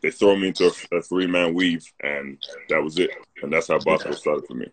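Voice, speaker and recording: A man's voice: a bass voice, steady tone, brisk, a bit bright, a little hiss or hum. A man in his thirties with a London accent, telling stories in a laid-back live-stream chat on a phone mic. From North London, England. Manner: laid-back storyteller, "like" and "you know". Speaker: co-host. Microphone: phone on a live video stream.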